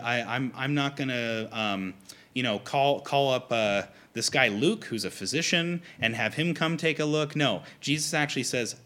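A man preaching a conversational sermon to a congregation, animated and acting out quoted lines. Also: mid-range voice, normal speed. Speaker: pastor.

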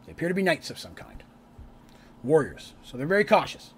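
A man's voice: a little high, sing-song, brisk, slight background noise. Chatty man recapping a tabletop campaign. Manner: rambling, chatty, with asides and restarts. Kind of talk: casual story recap.

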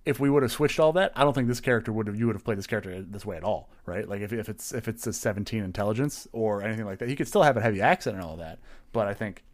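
A man's voice: on the low side, rapid-fire. A young man co-hosting a podcast, chatting casually and rambling with lots of fillers. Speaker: podcast co-host. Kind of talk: casual chat.

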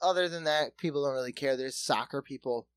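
A man's voice: mid-range voice, brisk, dry recording. A man co-hosting a comedy podcast, telling a rambling anecdote with many fillers. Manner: rambling, filler-heavy storytelling. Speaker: podcast co-host. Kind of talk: casual comedic chat.

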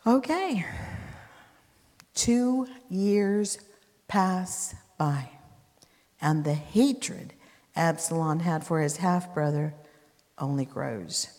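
A woman's voice: on the low side, lively intonation, drawn-out words, long pauses, a little mellow. A woman preacher retelling scripture in a sermon, emphatic with conversational asides. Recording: long hall reverb.

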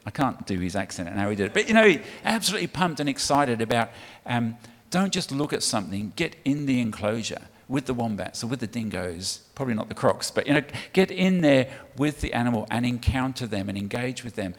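A man's voice: medium pitch, big pitch swings, brisk, few pauses. Middle-aged english guy giving a chatty church talk, lots of ums, big hall echo. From England. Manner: chatty and warm, with frequent ums and restarts. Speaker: guest speaker for a child sponsorship charity. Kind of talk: sermon talk to a church congregation. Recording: long reverb of a large hall.

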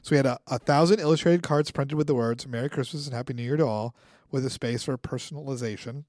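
A man's voice: medium pitch, quick pace, darkish tone, no echo, studio quality. A man hosting a casual podcast chat, reading out facts and joking between them with frequent laughter. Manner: laughs often, reads facts off then jokes. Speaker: podcast host.

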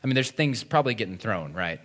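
A pastor delivering a conversational sermon, often asking "right?" and acting out quoted voices. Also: male voice, fairly low pitch, animated, quick pace, a bit bright.

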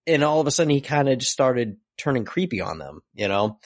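A man in casual chat, excitedly recapping a comic book, swearing freely and acting out characters' lines. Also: mid-range voice, a little fast, no echo, studio quality. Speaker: comic book podcast host.

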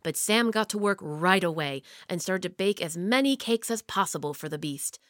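A woman reading a children's story aloud, expressive and dropping low and quiet for the tense parts. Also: moderate pace, dry recording, clean studio sound.

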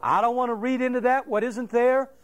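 Middle-aged male pastor, high-pitched, dramatic storytelling sermon delivery. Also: steady tone, brisk. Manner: storytelling, acts out quotes and crowing.

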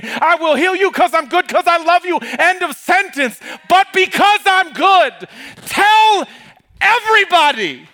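Jesus portrayed as a fervent, commanding preacher, as a pastor puts him on, declaiming from the pulpit. The voice is high and bright, with a sharp edge. He speaks with sweeping conviction. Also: heavily acted.

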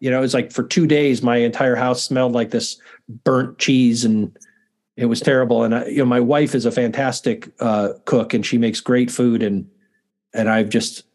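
A man's voice: medium pitch, steady tone, moderate pace, darkish tone. A middle-aged man, a university dean, chatting as a guest in a casual interview, self-deprecating and often restarting his sentences.

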